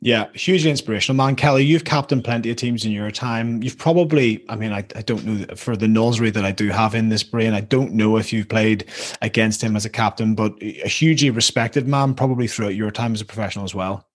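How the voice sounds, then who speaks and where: A man's voice: fairly low pitch, fast talker. A man with a Northern Irish accent hosting a casual rugby chat, joking with his guests and filling gaps with ums. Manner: chatty and joking, with many fillers. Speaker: podcast host.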